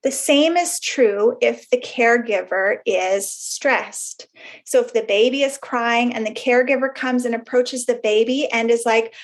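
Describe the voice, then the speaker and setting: A woman's voice: a little high, fairly even intonation, unhurried. A woman counsellor explaining a concept in a webinar, in an explanatory way with fillers and everyday examples. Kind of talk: webinar presentation.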